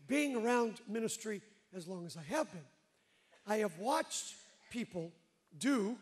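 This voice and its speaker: A pastor with a high, husky voice preaches to his congregation in church. He tells his story casually and pokes fun at himself, breaking off now and then to ask the crowd whether they follow him. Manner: conversational, self-mocking, addresses the congregation directly. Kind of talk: storytelling sermon.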